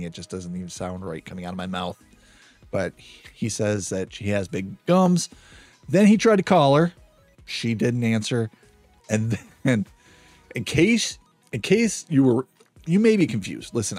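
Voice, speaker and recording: A man's voice: on the low side, darkish tone, dry recording. A man hosting a true crime podcast, reading out a stalker's messages in a casual, wry way with dry asides. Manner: wry, reads threats aloud with dry asides.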